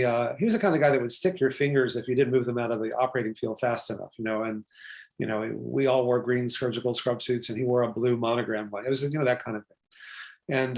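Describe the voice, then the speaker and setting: An older man from Texas, a physician guest telling stories in an interview, talking quickly with asides and quoted dialogue. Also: mid-range voice. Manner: fast, chatty, with asides and acted-out quotes. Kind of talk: animated storytelling interview.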